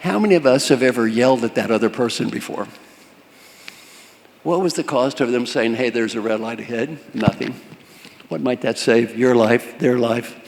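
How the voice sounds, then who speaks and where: A man's voice: mid-range voice, normal speed, gravelly. An older man giving a leadership coaching talk to a live audience, with punchy, repeated instructions and questions thrown at the crowd. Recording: long hall reverb, faint room noise.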